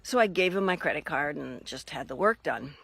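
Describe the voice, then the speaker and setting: A woman with a somewhat low-pitched voice shares a personal story in a relaxed, spoken-to-camera way. She leans into the quoted dialogue and gives each remembered line its own delivery. Her tone stays that of a spirit messenger talking plainly to her audience. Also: a little fast, gravelly, slightly rough, no echo. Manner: expressive storyteller who acts out quoted dialogue.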